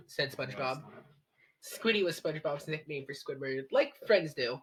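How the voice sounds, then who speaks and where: A woman's voice: low-pitched, expressive, moderate pace, slight background noise, poor audio. A woman casually reading a story aloud with friends in a plain, dry way.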